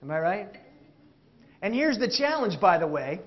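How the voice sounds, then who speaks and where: A man giving an interactive motivational keynote on stage, animated and jokey, asking the audience questions. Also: high voice, moderate pace, muffled recording. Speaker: keynote speaker. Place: stage before a live audience.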